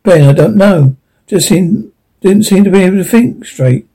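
A man's voice: high voice, normal speed, creaky, dark tone, husky, heavily acted, low-quality recording. A man voicing a confused young sailor who stumbles over his words. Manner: hesitant, stumbling.

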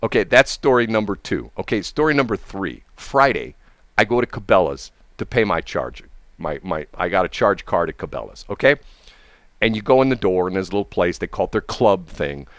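A man's voice: sits low, a little fast, no echo, studio quality. A man telling a long casual story, acting out the people he quotes. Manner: animated, acts out quoted people.

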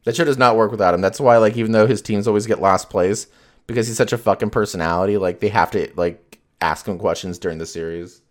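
A fast-talking man with a voice on the low side rambles casually as a podcast host. He swears freely and fills his speech with ums and similar fillers.

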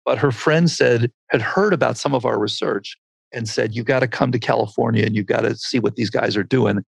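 A man's voice: medium pitch, brisk, gravelly, husky, dry recording. An older man, a medical researcher, tells a story in an interview and acts out the quotes as he goes. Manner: animated storyteller acting out quotes.

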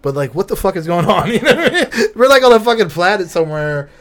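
A man's voice: high-pitched, big pitch swings, fast. A man chatting casually on a podcast, loose and profane, laughing between thoughts. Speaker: podcast co-host.

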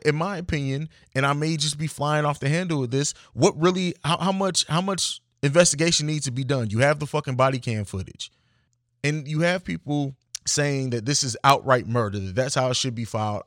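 A man's voice: mid-range voice, a bit bright, no echo. Fired-up male podcast host, dry sound. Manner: fired up, swearing, emphatic. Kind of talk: impassioned commentary.

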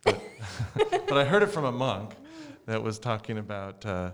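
A man's voice: lowish voice, expressive, normal speed. Chatty man on a podcast. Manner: chatty, laughs through his own anecdotes. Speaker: podcast co-host. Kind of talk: casual chat.

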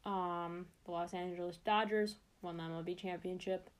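A woman's voice: lowish voice, steady tone, moderate pace. Chatty young woman podcast host. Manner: chatty and rambling, self-interrupting. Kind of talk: casual solo podcast chat.

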